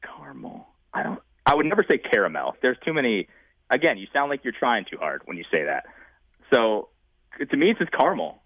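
A man's voice: medium pitch, big pitch swings, fairly quick, gravelly, husky, dry recording. A man from the Northeastern US co-hosting a podcast, talking casually with emphatic opinions and frequent laughs. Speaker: podcast co-host. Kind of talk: casual chat. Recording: tinny phone-like line.

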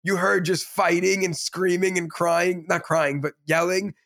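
High, gravelly-voiced man. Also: unhurried. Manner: rambling, excited storyteller with lots of restarts. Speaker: podcast co-host, teacher. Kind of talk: casual storytelling chat.

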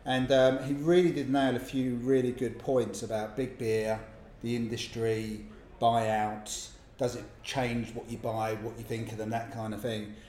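A man co-hosting a casual podcast in a pub, relaxed and chatty. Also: mid-range voice, unhurried. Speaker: podcast co-host. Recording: roomy pub with faint noise.

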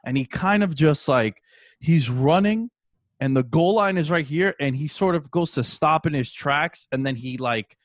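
A man in his early thirties hosting a casual sports chat, telling stories with animated energy, swearing and calling his co-host dude. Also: medium pitch, dry recording, studio quality.

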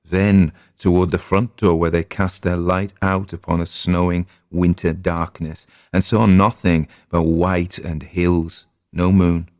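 A man narrating a short story aloud in a measured, atmospheric way. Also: low voice, level tone, a little mellow, no room sound, studio quality.

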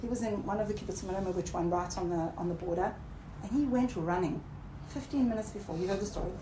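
A woman Torah teacher lectures a class at a quick pace, weaving Hebrew terms into her English and often checking in with listeners. Her pitch rises emphatically when she stresses points, and the room echoes with faint background noise.

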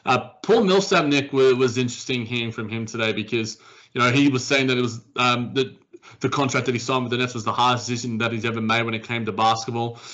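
A man's voice: medium pitch, fairly even intonation, fast talker, fairly bright tone, dull audio. A man co-hosting a casual basketball podcast, rambling with frequent restarts. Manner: rambling, many restarts and fillers. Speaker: podcast co-host. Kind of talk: casual sports chat.

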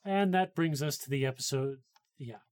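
A man's voice: fairly high pitch, moderate pace, very noisy. A man co-hosting a podcast in casual chat, wry and teasing. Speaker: podcast co-host.

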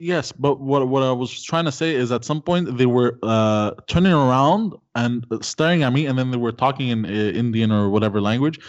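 A man's voice: medium pitch, normal speed, few pauses. A man telling a rambling story in casual chat and often laughing at himself. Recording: dull lo-fi sound.

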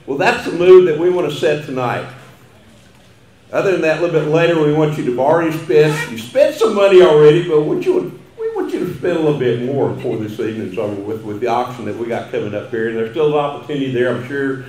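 A man's voice: on the high side, sing-song, fast talker, a little mellow, a little hiss or hum. An older man with a Texan accent, giving a humorous after-dinner speech with folksy, chuckling storytelling. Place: banquet hall. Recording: echoey banquet hall.

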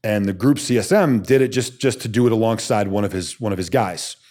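A man's voice: lowish voice, fairly quick. A man in his thirties, a soldier being interviewed, telling stories bluntly and acting out the quotes. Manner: animated storyteller who acts out quotes, blunt and salty. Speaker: podcast guest, Army special forces soldier. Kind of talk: storytelling in a casual interview.

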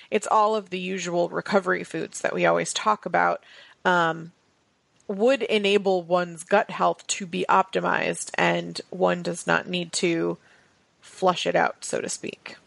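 A woman co-hosts a casual podcast chat. Her voice carries a gravelly fry, and the sound is close and dry with no room around it. She giggles nervously and squirms at awkward topics. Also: lowish voice, fairly bright tone, no room sound. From Massachusetts. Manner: giggly, squeamish about the topic. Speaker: podcast co-host. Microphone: home microphone, remote call.

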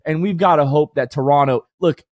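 Brief: male podcast co-host, higher voice, choked up with happy tears, bursts into shouting, dry close mic. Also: a little fast, no room sound. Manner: excited, rising to shouts. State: tearful, emotional. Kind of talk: emotional sports podcast chat.

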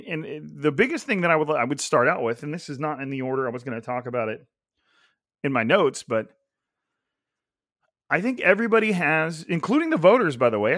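Speaking through a gaming headset, the solo sports podcast host thinks aloud in a casual ramble, restarting often and slipping in asides. His mid-range voice has a fairly bright tone, and the studio sound is clean with no echo.

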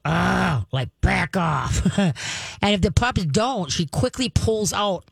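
A woman's voice: lowish voice, no room sound. A woman hosting a call-in radio show about dogs, giving training advice and acting out growls and dog voices as she talks.

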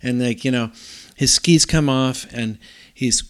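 A middle-aged man telling a long story in casual talk, rambling and animated, with many restarts. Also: mid-range voice, unhurried.

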